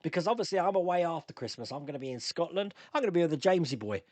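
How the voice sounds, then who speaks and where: A chatty man hosts a casual live-stream Q&A, laughing often as he answers viewer comments. His voice sits a little high and swings up and down with animation. The sound is close and dry. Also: lively intonation, fast, no echo.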